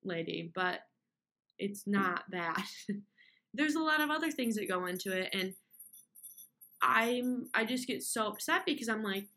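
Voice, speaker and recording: A woman's voice: medium pitch, expressive, measured pace, long pauses, pushed and bright. A young woman talking candidly on her own, rambling through her points with lots of fillers and restarts. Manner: candid, rambling, with frequent fillers and self-interruptions; mocks complainers with whiny put-on voices. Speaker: podcast host. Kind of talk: casual solo monologue.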